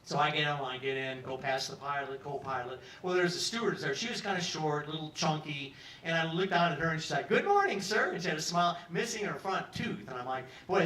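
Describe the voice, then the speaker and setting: A storyteller at a pub open mic rambles through a lengthy funny tale, chatting with the crowd and voicing other people's lines. His fairly high voice has a fairly bright tone. Captured from afar with roomy live sound and slight background noise.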